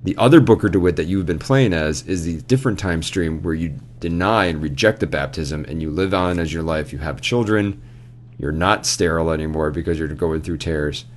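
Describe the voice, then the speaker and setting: A young man with a very low, deep voice co-hosts a casual chat. He tells stories in an animated way, slipping into quoted lines as he goes. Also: fairly quick. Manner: animated retelling, quotes game characters. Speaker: podcast co-host.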